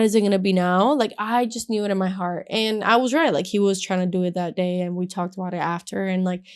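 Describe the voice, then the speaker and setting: A young woman in her twenties hosting a podcast, telling a personal story in a gushing, casual way, with "like" in almost every sentence. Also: mid-range voice. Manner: gushing, filler-heavy, says "like" constantly. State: emotional, has a headache. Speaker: podcast host.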